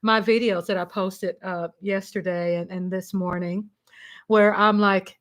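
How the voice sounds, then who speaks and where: A woman hosting a casual livestream from home, chatty and excitable, breaking into shouts and laughter. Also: medium pitch, a little slow. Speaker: livestream host.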